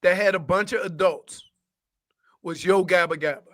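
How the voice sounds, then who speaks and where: A man co-hosting a radio show in casual chat, animated and rambling, often trailing off and restarting. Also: sits high, moderate pace. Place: radio studio.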